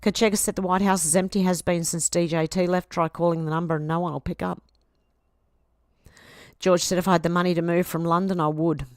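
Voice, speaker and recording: A teary, sniffling Australian woman reads out viewer comments on her home livestream, chatty and quick. Her voice sits a little low and close to the mic, with no room sound around it. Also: flat delivery, darkish tone, no room sound. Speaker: livestream host reading chat. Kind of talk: casual livestream chat, reading comments aloud.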